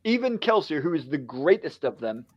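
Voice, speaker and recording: A man co-hosting a casual book chat, an animated storyteller who laughs a lot and acts out the lines he quotes. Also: fairly high pitch, moderate pace, dry recording, highs cut off. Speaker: book club co-host.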